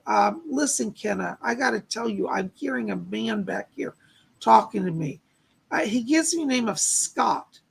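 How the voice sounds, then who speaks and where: A male psychic medium on a live stream, hoarse from losing his voice, relaying spirit messages and thanking donors by name. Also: high-pitched, fairly bright tone. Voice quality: gravelly, husky voice. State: losing his voice, clearing his throat.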